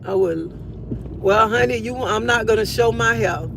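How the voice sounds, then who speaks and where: A woman's voice: a little high, normal speed, gravelly, noisy background. Chatty grandmother livestreaming from her car. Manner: lively storytelling, laughs easily. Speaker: livestream host. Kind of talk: casual chat with live viewers. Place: car, driving to work.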